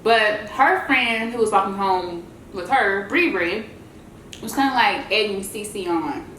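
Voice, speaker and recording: A woman vlogger tells a story between bites, chatty and animated, and talks to her viewers as y'all. Her voice sits in a mid range. The room adds a noticeable echo, with a faint hum underneath. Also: mid-range voice, measured pace. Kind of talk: casual storytelling while eating.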